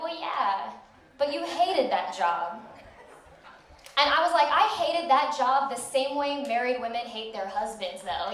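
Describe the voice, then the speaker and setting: A young woman works through a stand-up set with dry, self-mocking delivery. Her voice sits a little higher than most women's. The recording catches her from out in the room, so the club's strong echo surrounds every line. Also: slight background noise. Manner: deadpan, self-mocking punchlines. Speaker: stand-up comedian. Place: comedy club stage. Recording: echoey club, voice from far off.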